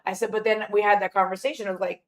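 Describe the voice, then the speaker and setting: A woman in her forties chatting casually as a podcast guest. She tells her story at an even middle pitch, with plenty of fillers, restarts and asides. It is relaxed, unhurried talk among friends.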